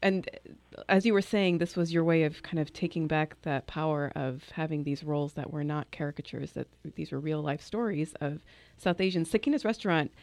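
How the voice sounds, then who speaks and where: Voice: medium pitch, steady tone, brisk, darkish tone, dry recording. An interviewer asking conversational questions, setting up each with context.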